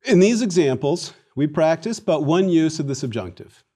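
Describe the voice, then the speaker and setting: A man giving a recorded Latin lesson, an animated, theatrical teacher who leads the class through repetition drills. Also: fairly high pitch, normal speed, slightly rough.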